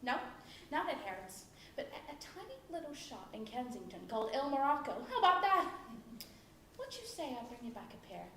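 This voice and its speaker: An actress on a stage playing a lively woman who reads out a chatty, gushing letter from England. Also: high voice, normal speed, exaggerated voice. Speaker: stage actor. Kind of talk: stage play reading a letter aloud. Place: theatre stage. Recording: echoey theatre, from far off, faint noise.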